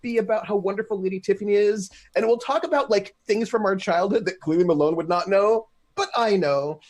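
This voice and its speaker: A woman's voice: mid-range voice, fairly quick, darkish tone. A woman playing in a tabletop game, eager and playful. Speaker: player. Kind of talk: casual tabletop play.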